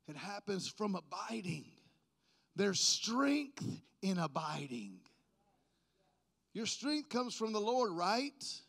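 High-voiced man preaching with big swings. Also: animated, gravelly. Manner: swings from low talk to loud drawn-out proclaiming; playful, jokes with the congregation. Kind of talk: sermon.

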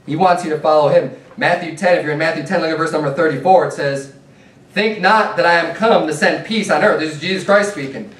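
A man's voice: a little high, brisk, fairly bright tone. A man preaching a sermon as a pastor, earnest and plain-spoken, reading scripture aloud between his own points. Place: church sanctuary. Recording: echoey room, mic at a distance.

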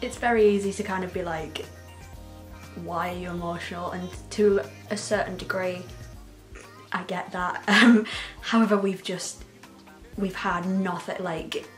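A woman giving an excited, unscripted reaction to a trailer, gushing, laughing often and close to tears. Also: mid-range voice, measured pace, soft background music. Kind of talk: casual, unscripted reaction commentary.

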